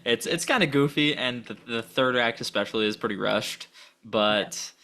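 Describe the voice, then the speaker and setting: A man with a gravelly, creaky voice co-hosts a laid-back podcast. He rambles eagerly, trips over his words and keeps breaking into giggles. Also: medium pitch, normal speed, sharp tone. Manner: enthusiastic, giggly, rambling with restarts. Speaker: podcast co-host. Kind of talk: casual chat.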